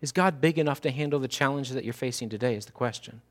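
A male pastor preaching a sermon in a church, dramatic, swinging from hushed talk to shouting. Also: mid-range voice, quick pace.

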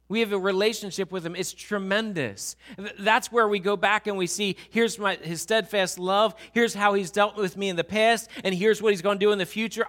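A male pastor delivering a sermon with a bright, forceful voice that sits a little high. He drops into hushed, slowed prayer and then climbs into loud, ringing exhortation. He tells stories full of restarts and quoted voices. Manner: swings from hushed, slow prayerful passages to loud, rising exhortation.

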